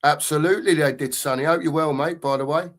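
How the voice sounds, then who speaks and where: A man's voice: a little high, fairly even intonation, fast. A middle-aged man hosting a casual live football stream, reading out chat and greeting viewers in a matey way.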